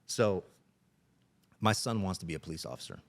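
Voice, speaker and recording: A man's voice: deep voice, expressive, fairly quick. A middle-aged man, a police officer, telling stories earnestly and plainly as a podcast guest. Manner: earnest, plain-spoken storyteller. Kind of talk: podcast interview storytelling.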